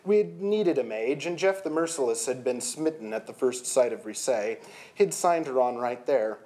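A narrator reading a comic fantasy audiobook in the first person, with a wry, deadpan delivery. The pitch rises and falls in a lively, animated way, even through the dry asides. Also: moderate pace.

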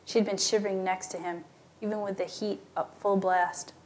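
A woman's voice: mid-range voice, little pitch movement, moderate pace, a little mellow. A woman narrating a story aloud, lightly giving voice to the characters in plain storytelling. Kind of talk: scripted narration.

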